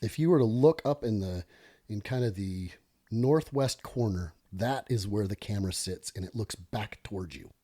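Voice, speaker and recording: A middle-aged man, a former police lieutenant, telling a story as a podcast guest in an animated, self-interrupting way. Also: lowish voice, normal speed, breathy edge.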